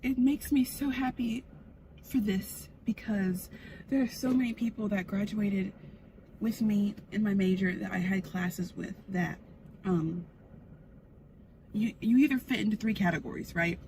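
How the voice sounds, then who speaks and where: A young woman in her twenties, fresh out of college, talks straight to her phone from a parked car. She is candid and excitable, dropping casual swears. A loud A C hum runs under her voice. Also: mid-range voice, unhurried. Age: 20s. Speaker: vlogger. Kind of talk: casual vlog chat. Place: parked car with the air conditioning running.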